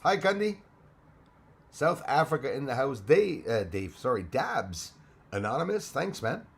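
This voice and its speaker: A man's voice: medium pitch, big pitch swings, unhurried, breathy edge. Casual Canadian man greeting live viewers. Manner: greets viewers by name, switches into French. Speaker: live-stream host. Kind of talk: casual live-stream chat.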